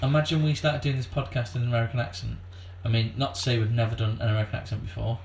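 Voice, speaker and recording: A man's voice: mid-range voice, level tone, very fast, gravelly, darkish tone, slight background noise. A man co-hosting a casual comedy podcast, rambling through facts with lots of fillers and swearing. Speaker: podcast co-host.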